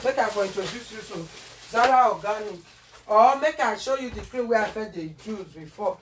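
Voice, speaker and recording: A woman's voice: mid-range voice, lively intonation, a little fast, distant mic. Scolding Nigerian Pidgin woman vlogger. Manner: scolding, repeats herself, asks "Eh?" often. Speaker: cooking vlogger. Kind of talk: casual cooking vlog rant. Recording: voice from off the mic, faint noise.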